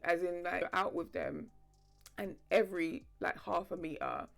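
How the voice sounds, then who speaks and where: A woman hosting a video essay, moving between lively playful asides and steady narration. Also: lowish voice, normal speed, creaky, faint music behind. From London, England.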